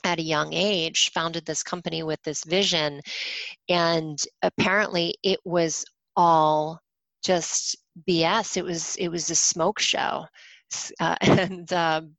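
A woman's voice: lowish voice, fairly even intonation, slow pace, fairly bright tone, dry recording, poor audio. A woman guest on a podcast, talking in a casual, rambling way with many fillers and restarts. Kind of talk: casual conversation.

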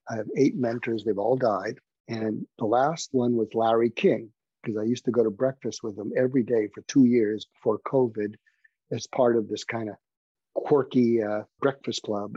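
A man's voice: medium pitch, warm tone, husky, no echo, muffled recording. A man who is a doctor and podcast guest, telling stories earnestly in a conversational, anecdotal way.

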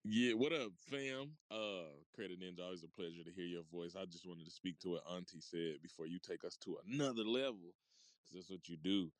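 A man speaking in a casual, warm and affirming way in an online audio chat room. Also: deep voice, fairly quick, no room sound.

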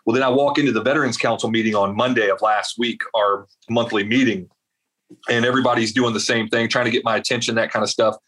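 A man's voice: mid-range voice, quick pace. A man from South Carolina, a guest in an interview, telling a long story with lots of fillers and asides. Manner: rambling, animated storyteller with many fillers. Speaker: veterans advocate guest.

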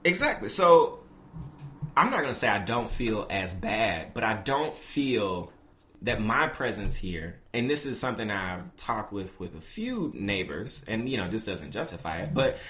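A young man from Memphis in casual conversation, talking in a relaxed, thoughtful way with lots of fillers. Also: lowish voice, unhurried. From Memphis, USA.

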